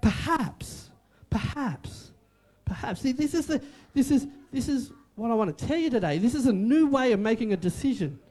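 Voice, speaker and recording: A man's voice: very high voice, lively intonation, fast talker, few pauses, warm tone. A man preaching a sermon as pastor, emphatic and repetitive, with joking asides.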